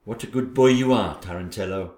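A man's voice: low-pitched, a little mellow, echoey room, pitched below the performer's own voice, close to an everyday voice. A man voicing a vain, scheming wicked stepmother queen in a theatrical audio play. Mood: sly. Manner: theatrical, gloating, drawn-out delivery.

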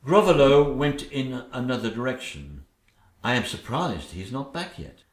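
A man's voice: very animated, moderate pace, close to an everyday voice. A man voicing a spiteful, nagging stepmother queen in a comic parody. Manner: shrill, nagging, theatrical. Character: shrill scheming stepmother queen, woman, spiteful. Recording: echoey room.

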